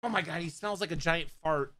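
A man's voice: fairly high pitch, fairly quick, pushed and bright. A man streaming a horror game, joking crudely with lots of swearing and reading the in-game notes aloud in a casual way. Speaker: let's play streamer. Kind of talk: casual gameplay commentary.

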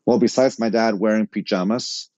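A middle-aged man tells a personal story with a mellow, dark-toned voice and acts out each line of dialogue. The sound is close and dry, a little dull and lo-fi. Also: on the low side, moderate pace, no echo. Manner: animated anecdote-telling, quotes people in dialogue. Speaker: podcast guest.

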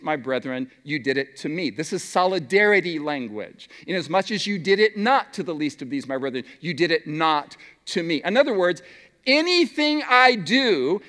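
A middle-aged man preaching a sermon in a large meeting hall, throwing rhetorical questions at the crowd and dropping to a hush for emphasis. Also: high voice. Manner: animated, rhetorical questions to the audience; drops to a soft hush for emphasis.

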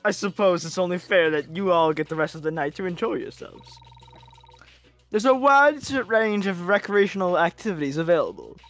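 A man's voice: sits high, animated, moderate pace, fairly bright tone. A man in a live fan dub voicing a chatty middle-aged male academy chairman who rambles, trips over his words and restarts.

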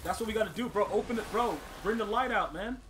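A man's voice: sits high, fast, a bit bright, slight background noise. Hyped man doing game commentary. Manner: hyped slang-heavy banter. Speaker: gaming channel host. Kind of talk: casual gameplay commentary.

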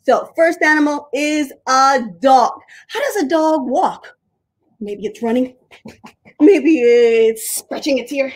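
A young woman leading a creative drama warm-up for small children, animated and sing-song, with playful animal noises. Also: high-pitched, slow pace, low-quality recording.

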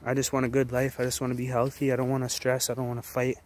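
A man's voice: mid-range voice, monotone, fast talker, a little mellow, a little hiss or hum. A man in his late twenties giving a blunt, heavily profane motivational rant straight to the camera, full of restarts and repetitions. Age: 20s. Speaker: vlogger.

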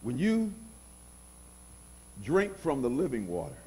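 A middle-aged man preaching a sermon in a church, moving from soft passages to loud outbursts. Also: mid-range voice, huge pitch swings, slow pace, slightly rough. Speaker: pastor.

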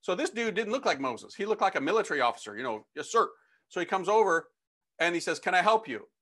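Speaking quickly in a high voice, a middle-aged priest gives an energetic, slang-filled testimony of how he converted, voicing the conversations himself.

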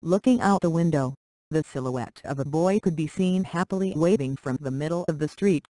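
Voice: mid-range voice, moderate pace, warm tone, dry recording, poor audio. Dry synthetic story narrator. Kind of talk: reading a short story aloud.

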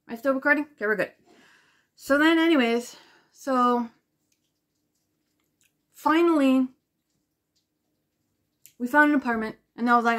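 A woman with a fairly high-pitched voice tells a story straight to her camera in a loose, rambling way. She swears freely and leans on "like" fillers. She sounds animated and indignant as she goes. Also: normal speed, pauses often. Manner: rambling and profane, full of "like" fillers; animated and indignant while retelling. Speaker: vlogger.

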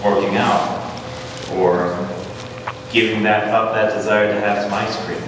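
A man's voice: on the low side, steady tone, measured pace, noisy background. A man in the audience asking a polite, tentative question. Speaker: audience member. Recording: far from the mic, echoey hall.

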